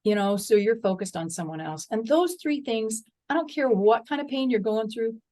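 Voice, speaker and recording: A woman's voice: on the high side, animated, moderate pace, warm tone. Earnest older woman, encouraging and folksy. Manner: acts out her own inner dialogue. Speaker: guest. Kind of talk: interview conversation.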